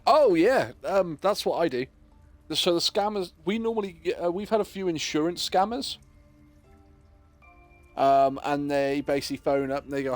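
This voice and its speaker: A man chatting casually while he streams a game, telling jokey stories in an animated way and mimicking other people's voices. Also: a little high, a little fast, soft background music. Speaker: gaming streamer. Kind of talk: casual chat while playing.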